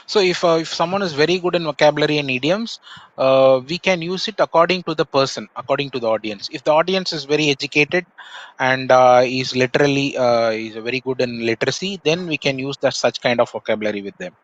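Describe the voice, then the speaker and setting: A man's voice: mid-range voice, highs cut off. Indian man with a Tamil accent, thoughtful. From Tamil Nadu, India. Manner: measured, thoughtful, many pauses and "uh" fillers. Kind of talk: casual conversation.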